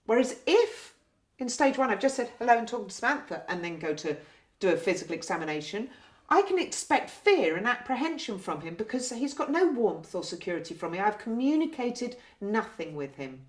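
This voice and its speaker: A nurse explaining care to health staff in a gentle, patient way, often ending points with tag questions. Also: female voice, a little high, big pitch swings, a little fast. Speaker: community learning disability nurse. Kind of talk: training talk with role-play. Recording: roomy echo.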